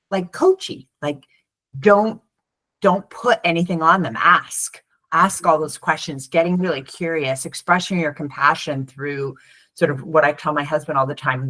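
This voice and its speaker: A middle-aged woman, a former teacher turned parent coach, talking in an interview and acting out the voices of children and parents in her stories. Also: low-pitched. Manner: animated storyteller who acts out children's and parents' voices. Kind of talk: conversational interview.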